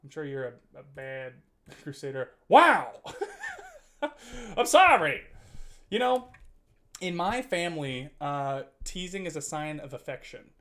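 A man's voice: a little high, expressive, moderate pace. A man in his twenties chatting casually on a live stream, rambling and teasing his chat with frequent laughs and filler words. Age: 20s.

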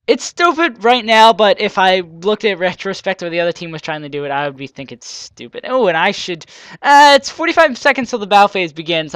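A male gamer narrates his play in a loose, rambling way, often joking at his own expense. His voice is clear and resonant and swings widely up and down. The recording is close and dry, with no room sound. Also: high voice, fairly bright tone, no echo. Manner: rambling, self-mocking with joking asides. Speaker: gaming channel host. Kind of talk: let's play commentary.

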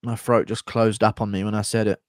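A man's voice: fairly low pitch, flat delivery, brisk, dry recording, studio quality. A man streaming live, chatting casually, thanking donors and joking with crude, profane banter.

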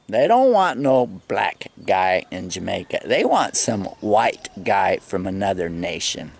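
A man in his fifties spins rowdy stories in a casual vlog, cursing freely and laughing along. His voice is gravelly, and his pitch leaps up and down as he acts out each moment. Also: no room sound. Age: 50s. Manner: animated, swearing, laughing storyteller.

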